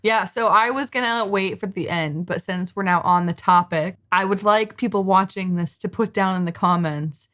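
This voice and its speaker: A woman's voice: mid-range voice, normal speed, few pauses, fairly bright tone. A woman from the United States, co-hosting a reaction video and teasing her partner in an easygoing, giggly way. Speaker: reaction channel co-host. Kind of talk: casual reaction chat.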